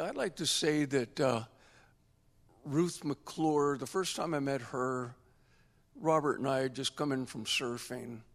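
A man's voice: mid-range voice, fairly bright tone. A man, a family friend, giving an informal rambling tribute at a memorial in a church, full of "you know". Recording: long church reverb.

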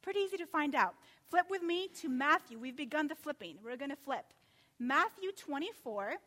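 Woman preacher, high voice, animated rhetorical sermon, long church-hall reverb. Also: moderate pace. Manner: animated, rhetorical questions, acts out quotes.

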